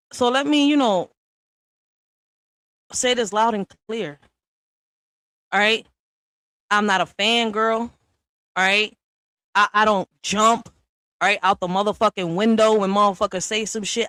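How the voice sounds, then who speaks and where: A woman in a heated response rant, blunt and full of swearing. Her voice is bright and forceful, and she keeps tagging lines with "all right?". It is recorded close and dry, with no room sound. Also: measured pace, long pauses, no room sound, low-quality recording. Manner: swings from low and quiet to loud and high. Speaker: online commentator responding to another creator.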